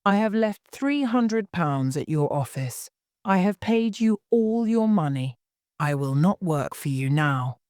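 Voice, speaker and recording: A woman reading the lines of a proud old miller who shouts in anger. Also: lowish voice, expressive, measured pace, no room sound, studio quality. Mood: defiant. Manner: shouting, defiant.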